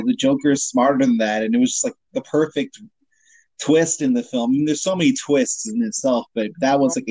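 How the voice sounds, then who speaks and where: A man's voice: medium pitch, breathy edge, no echo, poor audio. A man co-hosting a podcast, retelling a film twist in casual chat and acting out the quotes. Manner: animated storytelling, acts out quotes. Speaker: podcast co-host.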